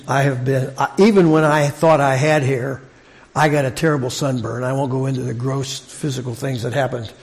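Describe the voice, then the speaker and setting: A man's voice: mid-range voice, vocal fry. Guy preaching, chatty and stop-start, medium voice, long echo from the hall. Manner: conversational, halting with restarts. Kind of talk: sermon. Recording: long reverb of a large hall.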